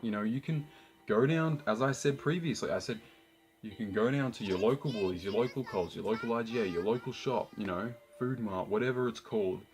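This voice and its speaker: Brief: Australian vlogger, incredulous ranting reaction, lowish voice. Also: male voice, a little fast, soft background music. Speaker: YouTube host. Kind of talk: reaction rant.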